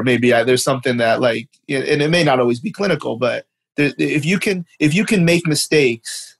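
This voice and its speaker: Rambling Canadian man, interview guest. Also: medium pitch. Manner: rambling, many restarts and fillers. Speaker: guest, basketball performance clinician. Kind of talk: conversational interview.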